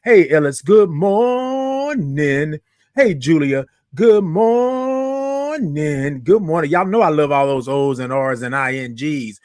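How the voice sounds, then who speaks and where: A man's voice: medium pitch, normal speed, few pauses, no room sound, clean studio sound. A man hosting a casual morning livestream, chatty and upbeat, greeting viewers by name and stretching out his good mornings. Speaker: livestream host. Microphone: microphone close to face.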